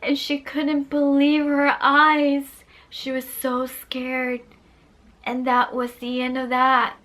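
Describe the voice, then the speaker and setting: A woman's voice: high voice, completely flat delivery, slow, fairly bright tone. A young woman casually telling a scary story to her viewers, playfully acting out voices and sound effects. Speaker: storyteller vlogger.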